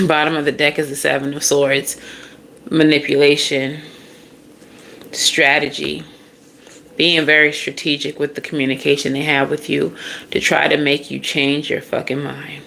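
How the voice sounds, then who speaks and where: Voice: mid-range voice, flat delivery, unhurried, vocal fry, long pauses, pushed and bright, slight background noise. A tarot reader giving a casual, blunt, profane reading straight to the listener.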